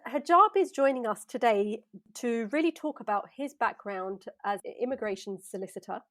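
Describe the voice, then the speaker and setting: A woman's voice: on the high side, expressive, normal speed, a bit bright. A woman co-hosting a casual podcast, upbeat and laughing often, introducing a guest. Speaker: podcast co-host.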